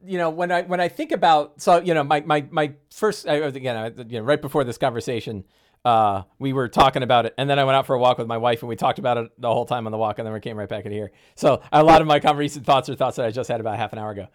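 A man's voice: medium pitch, fast. A man hosting a casual podcast conversation, telling game stories animatedly with many restarts. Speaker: podcast host and game master.

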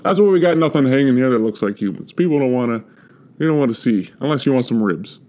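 A man's voice: mid-range voice, lively intonation, fast talker, mellow, dull audio, natural voice. A man playing a sleazy butcher of human meat. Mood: pushy. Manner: casual, rambling salesman patter. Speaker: shopkeeper.

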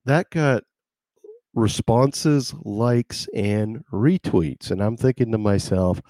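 A man's voice: lowish voice, big pitch swings, takes it slowly, warm tone, no room sound, studio quality. A man hosting his podcast live, rambling in casual chat with wry asides. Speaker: podcast host.

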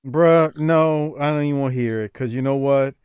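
A man hosting a podcast in casual chat, measured and quick to laugh. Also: medium pitch, a little mellow, smooth, dry recording. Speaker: podcast host.

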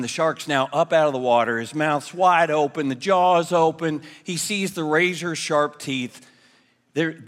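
A man preaching to his congregation, trading jokes for earnest warnings. His voice sits high for a man and carries a long reverb through the church hall. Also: fairly bright tone. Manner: playful, then earnest. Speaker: pastor. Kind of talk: sermon with jokes. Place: church sanctuary.

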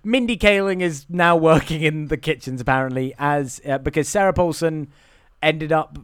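A man with a fairly high voice talks through a movie plot in a loose, rambling way. He fills his sentences with ums and uhs and restarts them. The sound is dry and close, with no room around it. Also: moderate pace, clear, resonant tone, no echo. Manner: rambling recap with many fillers. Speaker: podcast co-host. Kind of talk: casual film discussion.

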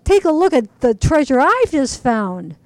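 A woman's voice: high voice, big pitch swings, measured pace, no room sound, pitched above the performer's own voice. A woman voicing a hearty, cheerful father who hunts treasure in a junkyard, in a storybook reading. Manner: hearty and upbeat. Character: cheerful dad who loves junk treasure.

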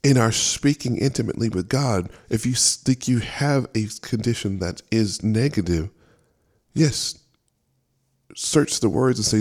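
A man's voice: lowish voice, expressive, a little slow. A man preaching a sermon as a minister, earnest and fervent, often repeating and restarting phrases. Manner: speaks with fervor and emphasis.

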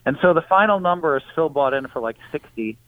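A man speaks as a phone-in guest, and his voice sits a little high for a man. He tells stories with animated energy and breaks into laughter. The sound is thin, tinny and dry, like a phone call. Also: fast, no echo. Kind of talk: phone interview.

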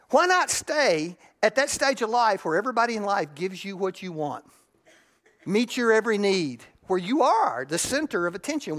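Conversational pastor preaching with lively swings. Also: medium pitch. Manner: conversational preaching that acts out everyday voices; shifts often between soft asides and raised emphasis. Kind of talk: sermon.

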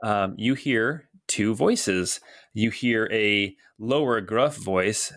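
A man's voice: fairly low pitch, slow, a bit bright. A middle-aged man narrating a tabletop game as game master, casual and rambling with many fillers.

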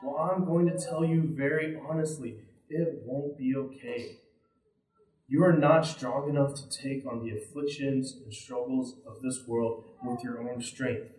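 In a church sanctuary, a pastor delivers an earnest, direct sermon, often checking in with listeners by asking "right?" His medium-pitched voice is darkish, fairly even in intonation, and measured in pace, picked up by a distant mic with a roomy sound.

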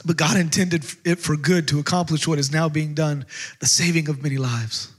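A man's voice: a little high, fairly even intonation, normal speed, husky. A middle-aged man preaching as a pastor, passionate and conversational, often restarting his phrases. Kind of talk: sermon.

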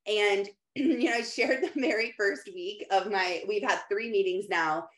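A woman's voice: medium pitch, measured pace, fairly bright tone. Candid churchy mom chatting away, room echo on her voice. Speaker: mom group leader. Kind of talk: casual faith talk to camera. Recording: echoey room.

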